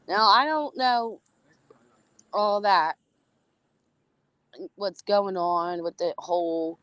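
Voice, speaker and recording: A woman hosting a casual livestream, talking in an unhurried, drawn-out way. Her manner is blunt and gossipy, and she greets chatters by name. The sound is dry and close, with no room echo. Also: fairly low pitch. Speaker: livestream host.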